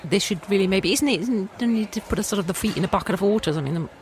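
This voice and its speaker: A woman's voice: mid-range voice, rapid-fire, darkish tone. Female co-host, dry teasing, lots of ums, faint hiss in the background. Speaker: podcast co-host. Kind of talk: casual chat.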